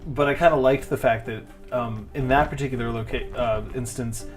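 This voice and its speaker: A man's voice: mid-range voice, fairly even intonation, brisk, faint music behind. A man running a tabletop game, chatting casually between scenes in a wry, rambling way with plenty of fillers.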